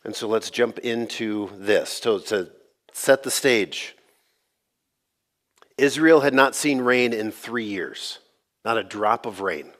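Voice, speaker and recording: A man, a pastor, giving a sermon in a casual, joking, conversational way, his voice slightly gravelly from allergies. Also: on the low side, slow pace, pauses often, fairly bright tone.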